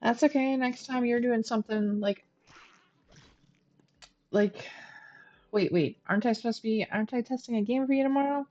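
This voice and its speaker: A woman's voice: a little high, normal speed, pauses often, a little mellow, dull audio. A woman streaming a game, chatting and thinking aloud as she plays and talks to her viewers. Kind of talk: live gameplay commentary.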